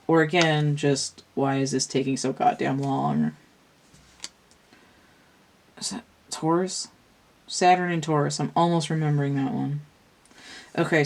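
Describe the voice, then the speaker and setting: Low-voiced woman musing over tarot. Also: darkish tone. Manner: thinks aloud, meandering with restarts. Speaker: tarot reader. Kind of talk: casual tarot reading talk.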